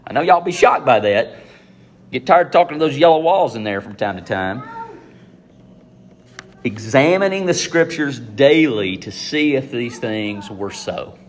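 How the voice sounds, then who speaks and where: A man preaches casually to a room of students, his voice mid-pitched and conversational. He leans hard into emphatic lines, then drops to quiet asides. A faint hiss sits under the voice. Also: a little slow. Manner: animated, conversational, swings between loud emphasis and hushed asides. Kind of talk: informal sermon.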